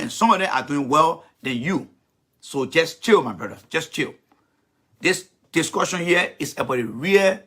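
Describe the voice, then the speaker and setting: A man's voice: fairly high pitch, bright, forceful tone, husky. A man giving blunt, profane political talk in an online broadcast, repeating his points. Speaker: political commentator.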